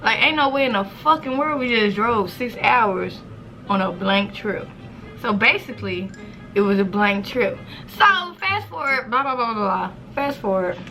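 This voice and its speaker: A woman in her twenties telling a casual storytime to camera, animated and profane, with sudden high squeals when she quotes people. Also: moderate pace, faint music behind. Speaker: vlogger.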